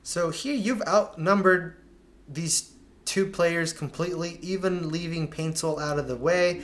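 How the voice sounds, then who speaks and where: A man with a slightly raised voice talks through soccer clips, pausing to point out mistakes. He sounds casual and exasperated, tossing in slang as he critiques the players. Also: fairly high pitch. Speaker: soccer analyst. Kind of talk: video breakdown commentary.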